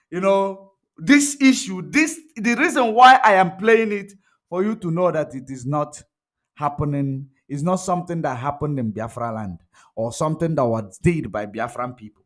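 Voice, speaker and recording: A man's voice: a little high, normal speed, a bit bright. A man giving emphatic, repetitive livestream commentary. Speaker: online commentator.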